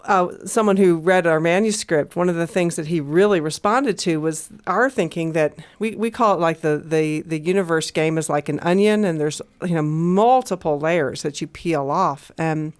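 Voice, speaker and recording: A woman's voice: on the low side, clean tone. An American woman co-hosting a conversational discussion, thinking aloud with frequent restarts and fillers. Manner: thoughtful, halting, with many restarts and fillers. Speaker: co-host.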